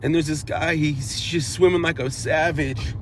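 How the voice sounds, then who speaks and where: A man's voice: a little high, steady tone, a little slow, a bit bright, slight background noise. A man telling in earnest what he saw, repeating himself and restarting his sentences, his account growing more urgent. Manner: earnest, repetitive, grows urgent while retelling. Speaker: eyewitness. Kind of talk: emotional first-person recounting.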